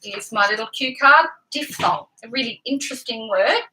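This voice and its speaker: A woman teaching singing, with a bright, ringing tone and a voice set a little high. She walks through vocal technique patiently and clearly, step by step. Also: moderate pace, slight background noise, rough recording. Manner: explains clearly and patiently, with sung examples. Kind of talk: vocal lesson with sung demonstrations.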